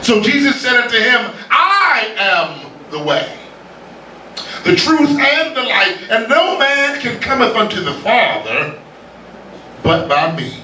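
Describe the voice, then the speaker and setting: A man preaching a lively sermon to his congregation, joking and drawing laughter, heard from a distance in a church. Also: very high-pitched, takes it slowly, slight background noise. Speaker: pastor. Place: church sanctuary. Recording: echoey church room from a distance.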